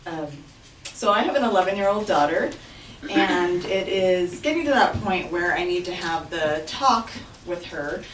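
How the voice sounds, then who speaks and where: A woman's voice: lowish voice, expressive, unhurried. A woman in her thirties, a mother and comedy student, trying out a stand-up set with hesitant ums and giggles. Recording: echoey room, far from mic, clear noise.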